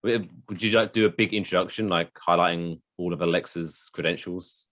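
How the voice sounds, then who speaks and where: A podcast co-host with an English accent and a deep voice talks a little fast in a casual chat. He rambles and jokes, tossing in animated asides.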